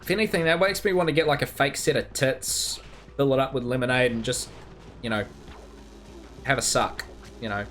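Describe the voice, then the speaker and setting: A man's voice: medium pitch, normal speed, long pauses, a bit bright, a little hiss or hum. A man with a New Zealand accent, chatting casually while livestreaming a game, rambling and joking with crude banter. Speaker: game streamer.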